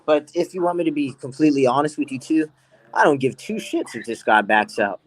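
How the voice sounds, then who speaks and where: A man's voice: fairly high pitch, animated, a little fast, dry recording. A man, a guest pro fighter, trash-talking brashly and profanely in a casual podcast chat on a close mic.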